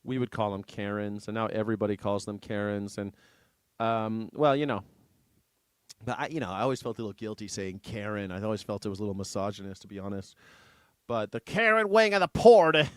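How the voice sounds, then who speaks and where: A man's voice: on the low side, level tone, a little fast, clear, resonant tone, no echo. A man hosting a news reaction show, commenting casually in an irreverent, sarcastic way with some swearing. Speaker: host.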